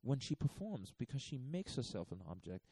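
A man voicing an earnest, accented male art curator, speaking slowly and solemnly. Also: medium pitch, very animated, warm tone, husky, no echo.

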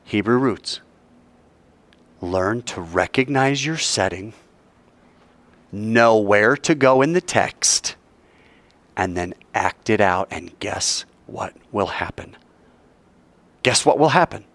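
Lively man teaching Bible. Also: on the low side, slow pace, long pauses. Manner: animated, acts out scenes in voices, asks the class questions. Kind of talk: classroom Bible lesson.

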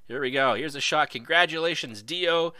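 A man's voice: a little high, normal speed, pushed and bright, no room sound. A man hosting a live stream, casually commentating a video wrestling show, rambling and laughing as he goes.

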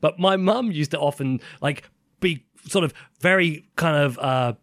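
A man's voice: on the high side, unhurried, a bit bright, no echo. Posh-sounding British man, dry close voice. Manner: playful, teasing banter. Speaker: podcast co-host. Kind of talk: casual chat.

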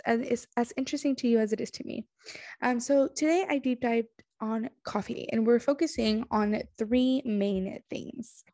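Sleepy, chatty young woman with a gravelly voice. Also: a little high, a little mellow, no room sound, studio quality. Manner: chatty, self-deprecating, many fillers and restarts. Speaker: podcast host. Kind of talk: casual solo podcast monologue. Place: home, on a couch.

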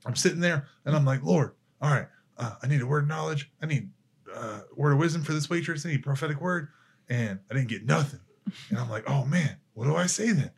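Animated young man telling a faith story. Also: a little high, a little fast, gravelly, husky. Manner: animated storyteller, acts out dialogue, laughs easily. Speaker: podcast guest. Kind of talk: casual faith testimony chat.

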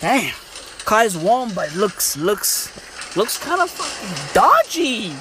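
A woman's voice: fairly high pitch, very animated, slow, noisy background. A young woman doing a comedic character monologue, ranting to herself in profane slang.

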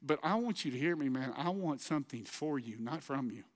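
A man's voice: mid-range voice, expressive, fairly quick. A man preaching a sermon as pastor, impassioned and exhorting, and emotional as he closes in prayer. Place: church auditorium. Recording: long church hall reverb.

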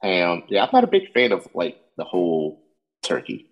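Laid-back man with a very deep voice. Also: huge pitch swings, normal speed, dull audio. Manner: laid-back, brief replies. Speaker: podcast co-host. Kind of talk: casual chat.

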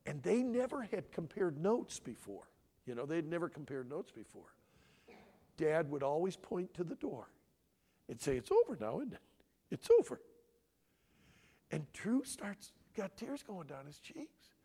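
A man in his sixties from Michigan, giving an animated sermon-style talk at a family conference and pressing his audience with questions. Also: on the high side, measured pace, slightly rough. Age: 60s. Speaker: conference speaker.

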